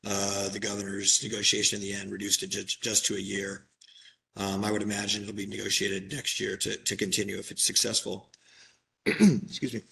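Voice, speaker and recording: A man giving an executive director's report at a public commission meeting, measured and careful, with frequent ums and throat-clearing. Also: fairly low pitch, flat delivery, sharp tone, far from the mic, rough recording.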